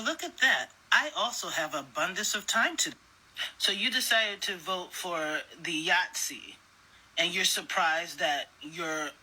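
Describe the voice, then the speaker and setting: Blunt, mocking woman with a bright voice. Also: poor audio. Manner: mocking, blunt, mimics others in a high voice. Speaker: commentator reacting to a viral video. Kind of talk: casual reaction commentary.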